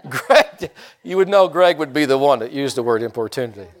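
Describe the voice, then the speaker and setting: A man's voice: mid-range voice, expressive, brisk. A man preaching a conversational sermon and talking directly to his congregation. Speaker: pastor.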